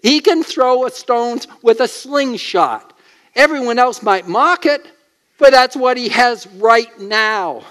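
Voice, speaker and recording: A man's voice: very high voice, animated, takes it slowly, a bit bright. A man preaching a sermon in an emphatic way, asking the listeners questions as he goes.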